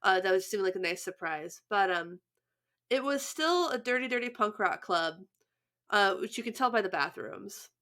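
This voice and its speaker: A woman's voice: medium pitch, lively intonation, moderate pace, fairly bright tone. A young woman co-hosting a podcast, chatting casually, laughing often and restarting her sentences. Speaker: podcast co-host. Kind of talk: casual chat.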